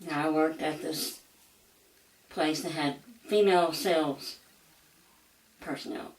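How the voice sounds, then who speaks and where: An older woman with a Southern American accent, telling a funny story in a slow drawl for her vlog. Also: sits low, fairly even intonation, echoey room, recorded from a distance, low-quality recording. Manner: slow, drawling, laughs through punchlines. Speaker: vlogger. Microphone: camcorder mic.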